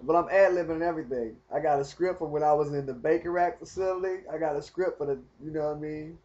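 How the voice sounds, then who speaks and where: A man telling a rambling personal story in casual, animated talk. He speaks straight to the viewer and keeps asking whether they follow. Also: fairly high pitch, quick pace, muffled recording. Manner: animated, talks straight to the viewer, keeps asking "you know what I mean". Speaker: vlogger telling his story.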